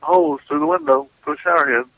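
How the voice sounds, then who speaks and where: A man's voice: a little high, fast talker, no room sound. Laid-back man telling stories. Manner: casual, laughing, folksy storyteller. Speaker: paranormal investigator guest. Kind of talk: radio interview storytelling. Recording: muffled radio call audio.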